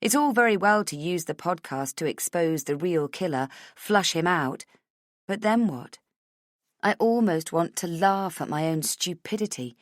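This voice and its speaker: A woman with a low voice reads a suspense novel in the first person, measured and steady. Her pitch moves in lively rises and falls, and the recording is close and dry, with no room sound. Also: no echo. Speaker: audiobook narrator. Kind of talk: first-person thriller narration.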